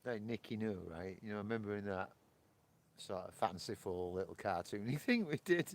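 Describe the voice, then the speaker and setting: A man from Britain, hosting a casual livestream chat, laughing often and swearing in excitable outbursts. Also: fairly low pitch, fairly quick. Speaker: livestream host. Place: porch, outdoors.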